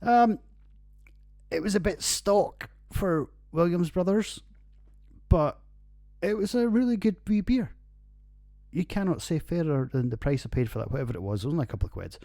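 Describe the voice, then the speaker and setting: A man's voice: a little high, lively intonation, moderate pace, gravelly, mellow, no room sound, clean studio sound. A Scottish man in his forties hosting a podcast, reviewing beers in a rambling, sweary, casual monologue and laughing at his own jokes. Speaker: podcast host. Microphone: computer recording.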